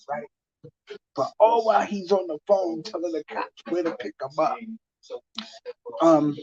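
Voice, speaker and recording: A man casually telling a long story, rambling and repeating himself, with many fillers. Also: on the high side. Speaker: TV talk guest telling a story. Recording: muffled lo-fi sound.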